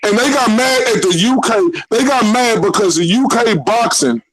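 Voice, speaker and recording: A man's voice: extremely high pitch, lively intonation, moderate pace, a bit bright, rough recording. A man arguing hard on a livestream panel, insistent and full of profanity. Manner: profane, insistent, talks over others. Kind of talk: heated debate on a livestream.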